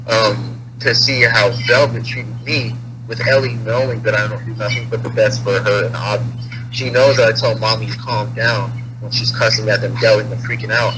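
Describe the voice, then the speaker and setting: A man speaking candidly as an interview guest, talking in a casual, repetitive way that turns heated at points. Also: mid-range voice. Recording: noisy with hum.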